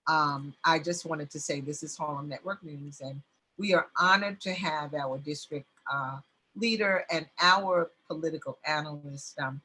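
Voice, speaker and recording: Bright, husky-voiced woman hosting a community news interview. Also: low-pitched, moderate pace. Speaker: host.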